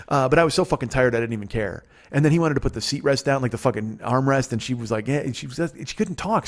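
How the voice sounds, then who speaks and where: A man in his forties rattles through a rambling comic story at a fast clip, swearing freely and going off on riffs. He has an ordinary mid-range voice. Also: mid-range voice. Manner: rambling, heavy swearing, riffing asides. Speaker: comedian podcast host. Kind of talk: profane comic storytelling monologue.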